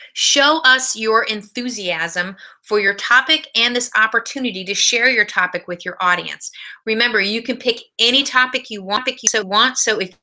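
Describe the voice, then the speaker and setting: Woman, college speech instructor, bright clear voice, direct instructive delivery. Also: fairly high pitch. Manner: direct instructive tone with practical tips. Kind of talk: recorded video lecture.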